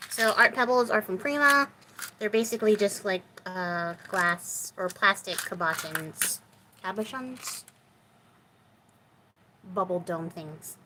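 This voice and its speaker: A woman's voice: medium pitch, a bit bright, slight background noise, low-quality recording. A woman hosting a crafting video, chatting casually and with self-deprecating humor as she works in her home craft room. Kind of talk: casual crafting chat while working.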